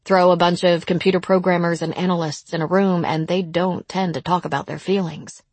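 A woman narrates a story in a measured, somber manner. Her voice is husky and sits low, and the recording is dry and close. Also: fairly even intonation, no room sound. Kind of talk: audiobook narration.

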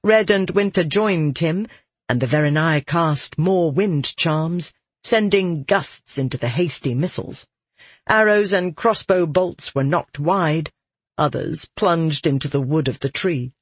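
Reading a fantasy adventure, this audiobook narrator has a medium-pitched, slightly rough voice and a measured, expressive delivery. It's captured close on a dry studio microphone, with no echo.

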